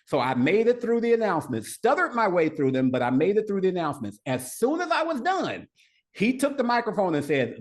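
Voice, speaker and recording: A man's voice: high voice, big pitch swings, fairly quick. A man guest on a podcast, telling a personal story in an earnest way, with an occasional stutter. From United States. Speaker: podcast guest, leadership coach. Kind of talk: storytelling interview answers.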